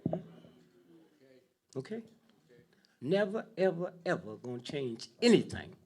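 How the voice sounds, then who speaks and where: An older man giving a speech to a live audience in a preaching style, dropping to a low mutter and rising to loud outbursts, with a steady "huh?" and "hmm?" after his lines. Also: measured pace, breathy edge. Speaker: speaker addressing an audience.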